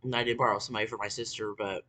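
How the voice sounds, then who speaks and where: A vlogger in their forties, talking in a casual monologue, ranting bitterly with lots of swearing and filler words, dropping to low mutters and rising to shouts. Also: level tone, racing. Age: 40s.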